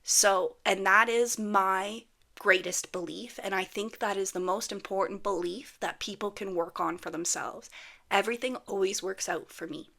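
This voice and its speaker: A woman in her thirties talks straight to camera in a casual, unscripted way. Her voice is bright and forward, and she is blunt and chatty, swearing freely while she tells a story. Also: mid-range voice, moderate pace, creaky. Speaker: manifestation vlogger.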